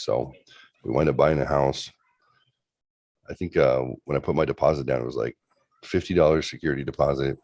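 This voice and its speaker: A man's voice: very deep voice, steady tone, a little fast, pauses often, a little mellow, no room sound. A man in his forties casually telling a long story on a livestream, loose and profane, with lots of rambling asides. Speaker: show host.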